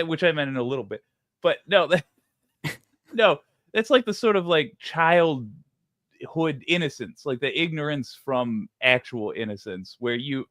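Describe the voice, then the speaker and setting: Male co-host, animated rambler, dry studio sound. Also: mid-range voice, no echo. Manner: animated, rambling with many fillers. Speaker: podcast co-host. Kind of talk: casual chat.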